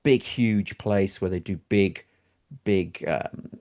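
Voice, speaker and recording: Telling a story in relaxed talk-show chat, this middle-aged co-host from England slips into high voices whenever he quotes someone. His delivery is slow and his tone darkish.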